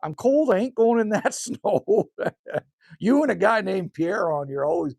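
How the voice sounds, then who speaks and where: A middle-aged Canadian man with a slightly hoarse voice, hosting a live stream from a cabin and chatting casually with viewers in a folksy way. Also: high-pitched, animated, unhurried, darkish tone, no room sound, studio quality. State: a little hoarse. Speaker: livestream host reading chat. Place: rural cabin indoors.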